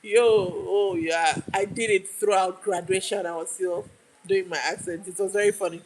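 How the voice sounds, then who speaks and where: A Nigerian woman chats through a story on a casual livestream, laughing easily and circling back to restart her sentences. Her voice sits at an everyday middle pitch, with a faint hiss behind it. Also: fairly even intonation, moderate pace, a little mellow, rough recording. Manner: chatty, laughing, rambling with restarts. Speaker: YouTube live streamer.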